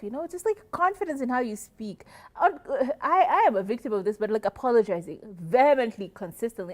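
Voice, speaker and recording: A high-pitched woman from Kenya co-hosts a relaxed podcast chat. Her voice swoops widely as she acts out other people's voices with lots of animation and laughter. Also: fairly quick. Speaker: podcast co-host. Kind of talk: casual chat.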